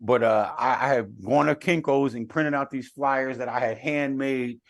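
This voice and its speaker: A man's voice: medium pitch, fairly even intonation, moderate pace, creaky, no room sound, studio quality. A man telling a story as a podcast guest in casual chat, laid-back.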